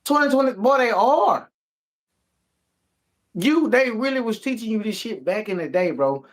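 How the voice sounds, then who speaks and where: Ranting and swearing freely, a man co-hosting a casual talk show speaks in a high-pitched voice at a moderate pace. The heated discussion carries his emphatic, animated energy.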